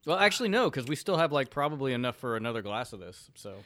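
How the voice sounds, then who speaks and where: Man, Long Island accent, podcast host, casual recipe talk, halting with fillers, dry sound. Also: mid-range voice, sing-song, bright, forceful tone, no echo. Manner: trails off, hunts for words, says "like" often. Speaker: podcast host making drinks. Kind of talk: casual chat, reading a recipe aloud.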